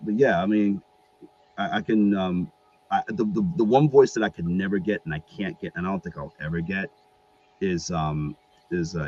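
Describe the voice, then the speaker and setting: A man with a low voice chatting casually as an interview guest. He hesitates often and pads his sentences with fillers, and the recording sounds dull and lo-fi. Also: a little mellow, slight background noise. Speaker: actor guest.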